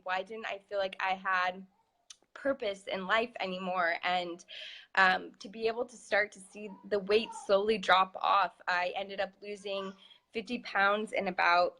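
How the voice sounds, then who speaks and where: A young adult woman talks through her own experience as a fitness coach, loose and unscripted. Her voice is bright and forward, and she peppers every thought with "like" and "um". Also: medium pitch, steady tone, a little slow. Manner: chatty, many fillers like "like" and "um". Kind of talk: casual personal storytelling.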